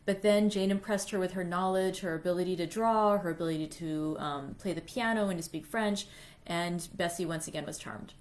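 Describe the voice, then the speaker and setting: A woman's voice: fairly low pitch, moderate pace. A woman hosting a library read-aloud, casually recapping the story so far with chatty fillers. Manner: chatty, uses fillers like "you know".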